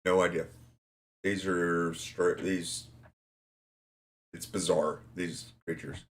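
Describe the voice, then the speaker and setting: A man running a tabletop game as game master, describing events in a low-key, dry way. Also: steady tone, slow pace.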